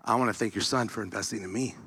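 Male preacher, bright tone, lively personal storytelling sermon. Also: fairly low pitch, very fast, husky. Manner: animated storytelling, acting out dialogue. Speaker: speaker.

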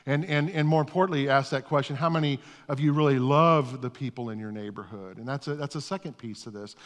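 Speaking fast in a mid-range voice, a middle-aged pastor gives a sermon that's conversational and self-deprecating. He tends to repeat his words when beginning a thought, and the recording has a church hall's long reverb from the sanctuary.

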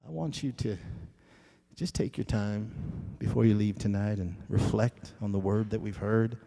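A man preaching a sermon, moving between quiet storytelling and loud, shouted exhortation, with long reverb from a church hall. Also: fairly low pitch, moderate pace, gravelly.

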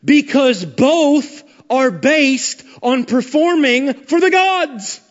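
A man preaching from a church pulpit with a high, ringing voice that drives his points home with fervor. He keeps pressing the congregation with questions and calls for an amen. The recording sounds dull and lo-fi, with a long reverb trailing through the sanctuary. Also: lively intonation, extremely slow. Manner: fiery, emphatic preaching with call-and-response questions. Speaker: pastor. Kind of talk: sermon. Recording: dull lo-fi sermon audio with long hall reverb.

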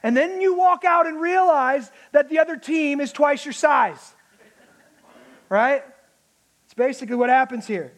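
A man preaching a sermon, animated, acting out the mocking voices of enemies. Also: extremely high pitch, a little slow, long pauses. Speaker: pastor.

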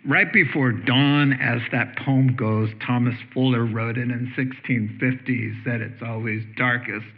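A man's voice: medium pitch, fairly even intonation, unhurried, hardly any pauses. A man pastor preaching a sermon in a conversational way, asking rhetorical questions. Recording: tinny phone-like sermon audio.

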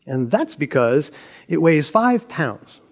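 Middle-aged man, slightly higher voice, conversational, jokey Bible lesson. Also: big pitch swings, takes it slowly. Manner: conversational, jokey, laughs often. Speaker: Bible teacher. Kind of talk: casual Bible lesson retelling.

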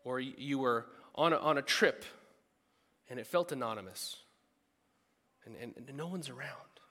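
This pastor delivers a lively, animated sermon, bursting out loudly whenever he acts out what people are thinking. His voice is medium in pitch, his pace moderate, and the recording has the sound of a big room.

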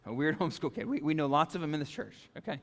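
A male pastor preaching a conversational sermon, animated, with frequent "okay?" and "right?" asides to the congregation. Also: on the high side, rapid-fire, in a large hall. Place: church sanctuary.

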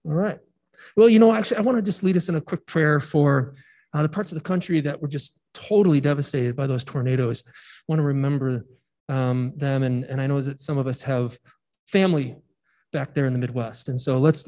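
A man in his forties, a pastor giving a relaxed, chatty sermon and joking with his congregation. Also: mid-range voice, fairly quick. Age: 40s. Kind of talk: informal sermon with congregation banter.

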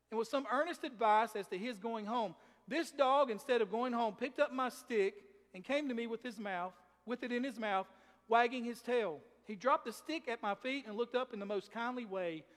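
A man's voice: sits high, long reverb tail. A man preaching a folksy sermon, rising and dropping in volume for emphasis. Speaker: pastor.

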